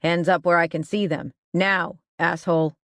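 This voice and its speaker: Brief: gruff, threatening cop, as the narrator puts him on, dry read. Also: mid-range voice, fairly even intonation, normal speed, a bit bright, no room sound, close to an everyday voice. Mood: hard. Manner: growling, threatening. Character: gruff tough male police detective.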